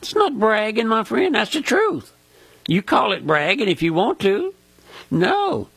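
An older man preaching with a Mississippi Southern drawl, folksy and fervent. His gravelly, husky voice swings high and low and sounds bright and forceful. The sound is close and dry. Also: very animated, measured pace, no room sound. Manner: folksy, fervent, repeats "my friend" and "listen". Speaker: radio preacher. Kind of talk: radio sermon.

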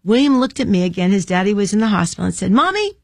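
A woman's voice: medium pitch, very fast, creaky, a little mellow, dry recording, studio quality. A middle-aged woman, an author, giving an earnest personal faith testimony in an interview. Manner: earnest storytelling, acting out quoted voices. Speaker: author guest.

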